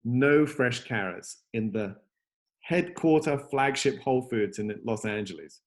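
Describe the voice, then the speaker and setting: On a casual video call from his home, a man demoing his company's app rambles cheerfully, with many fillers and restarts. He speaks at a measured pace in a medium-pitched voice.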